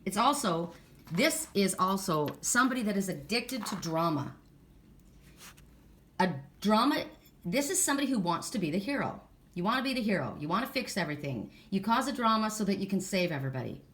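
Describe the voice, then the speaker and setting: A middle-aged woman giving a casual oracle card reading, chatty and animated, telling stories and laughing as she talks. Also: medium pitch, brisk.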